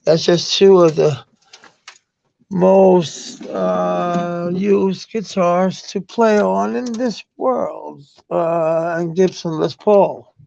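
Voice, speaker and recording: A man's voice: high voice, fairly even intonation, extremely slow, gravelly, a little mellow. A man, rambling in a casual live chat with viewers, swearing often and laughing at comments. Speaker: livestreamer. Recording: muffled lo-fi stream audio.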